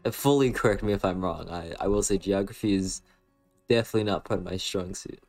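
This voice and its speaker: A man's voice: low-pitched, a little fast, darkish tone, faint music behind. Rambling young American man streamer. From western United States. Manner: rambling, filler-heavy, playful. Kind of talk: casual chat reading stream chat.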